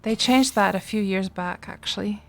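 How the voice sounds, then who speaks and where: A woman's voice: mid-range voice, moderate pace, vocal fry, fairly bright tone. A woman streaming a game live, chatting casually with viewers and reacting to the gameplay between replies, speaking into a desk microphone. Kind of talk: casual live-stream chat while playing.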